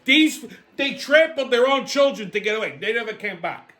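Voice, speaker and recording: Brash, profane man ranting at a high pitch. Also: animated, moderate pace, pushed and bright. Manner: blunt, profane storytelling with repeated "okay?". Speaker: host. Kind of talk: profane comedic weekly rant.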